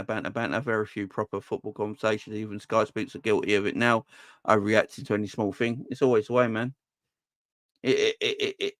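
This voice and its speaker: A man hosting a fan channel livestream, chatting casually and reading out comments, his voice jumping high when he rants. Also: dry recording, clean studio sound. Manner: animated, voice jumps high when ranting.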